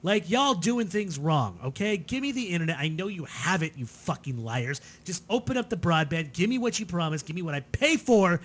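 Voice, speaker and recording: A man's voice: sits high, normal speed, few pauses, breathy edge. A young man co-hosting a comedy podcast, ranting casually with plenty of swearing. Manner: profane, animated ranting with laughs. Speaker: podcast co-host.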